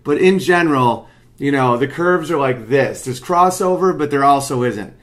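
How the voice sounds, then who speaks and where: A man's voice: mid-range voice, lively intonation, moderate pace, a bit bright. A man at home casually talking through why his stand-up joke works, rambling and analytical. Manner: rambling, analytical, picks up intensity when making his point. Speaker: comedian explaining his own bit. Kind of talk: casual commentary.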